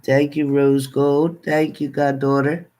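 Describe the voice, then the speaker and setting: A man's voice: on the high side, little pitch movement, slow, darkish tone. Older male livestream host, chatty and familiar, reads viewer names off and thanks each one. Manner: chatty, thanks viewers by name, calls them hon. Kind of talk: casual livestream chat with viewers.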